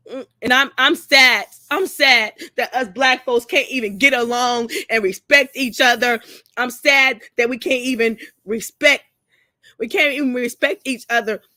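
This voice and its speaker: Tearful woman ranting, bright dry voice. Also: high voice, no echo. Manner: tearful, repeating herself, profane. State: crying. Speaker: vlogger. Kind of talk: emotional personal rant to camera.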